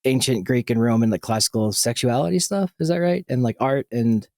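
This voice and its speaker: A man hosts a podcast in a loose, rambling way, full of fillers and restarts. His voice sits at a middle pitch for a man. The recording is dry and close. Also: a little fast, darkish tone, no room sound. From United States. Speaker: podcast host. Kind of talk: casual chat.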